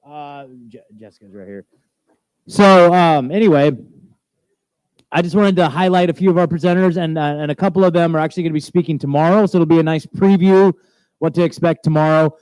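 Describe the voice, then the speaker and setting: A man hosting an onstage festival chat, joking and energetic, a bit scattered, on a handheld mic. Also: a little high, brisk, smooth, no echo, low-quality recording. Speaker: host interviewing festival presenters. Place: festival stage. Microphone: handheld microphone.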